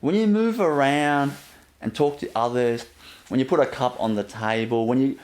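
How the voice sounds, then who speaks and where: A spiritual teacher gives a gentle inspirational talk in a mid-range voice at normal speed, laughing softly and often. He repeats himself a lot, filling gaps with "you know."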